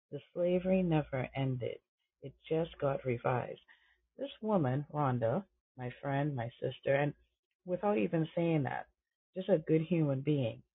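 A man's voice: fairly high pitch, slightly rough. A man hosting a podcast, giving impassioned commentary with emphatic repetition and rhetorical questions. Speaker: podcast host. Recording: tinny phone-like line.

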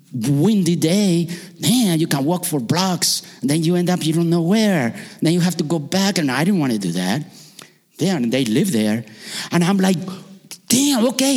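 Animated stand-up comic man in a reverberant hall. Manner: animated, swings into shouted and high-pitched quoted voices. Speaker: stand-up comedian. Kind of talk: stand-up storytelling.

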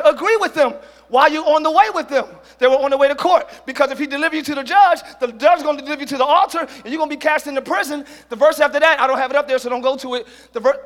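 A male pastor preaches with a very high voice, and his tone is bright and forceful. He swings into shouted peaks and calls to the congregation, dropping into casual slang and playful quoted voices. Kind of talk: sermon. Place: church hall with congregation.

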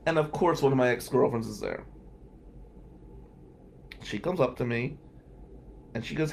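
A man's voice: medium pitch, unhurried, vocal fry, pauses often, darkish tone. A man with a mid-range voice recounts a personal story in a loose, conversational way. He wanders into wry asides and drops the odd curse word as he goes. A faint background noise sits under his voice. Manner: digressive, profane, wry asides. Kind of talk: casual storytelling monologue.

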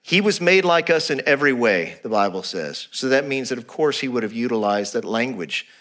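A male pastor delivering a sermon in a bright, clear voice. He explains scripture and slips into quoted speech, lifting or dropping his pitch for effect. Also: a little fast. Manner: expressive preaching, acting out quoted lines with shifting pitch.

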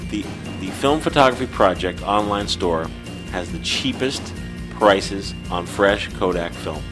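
A man chatting on a podcast, his voice sitting fairly low. He talks in a friendly, salesy way, and faint music plays behind him. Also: expressive, a little slow. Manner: chatty, salesy plugs, laughs often. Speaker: podcast co-host. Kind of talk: casual podcast chat.

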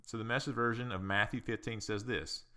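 A man's voice: on the low side, fairly even intonation, brisk, bright, forceful tone. A man who is a counselor and podcast host, speaking in a casual, earnest, reflective monologue that mixes psychology and faith.

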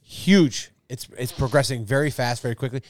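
A man co-hosting a podcast in casual chat, chatty and quick with questions. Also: mid-range voice. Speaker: podcast co-host.

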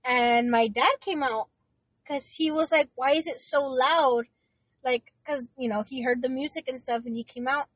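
A woman's voice: high-pitched, steady tone, moderate pace, no echo. A young woman co-hosting a podcast, telling a story in rambling casual chat with lots of fillers. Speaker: podcast co-host.

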